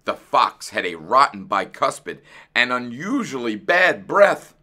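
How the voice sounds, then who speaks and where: Bright, expressive man reading a storybook. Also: medium pitch. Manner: expressive, unhurried. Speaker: children's book reader. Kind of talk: read-aloud storytelling.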